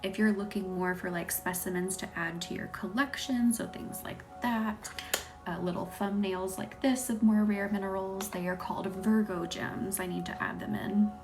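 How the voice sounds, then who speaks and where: A woman from the American South with a light Southern accent, hosting a live Reiki stream. She chats with viewers and thanks them by name, and often drops into a soft whisper. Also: medium pitch, steady tone, normal speed, over music. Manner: chatty, laughs easily, thanks viewers by name. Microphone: phone or webcam on a live stream.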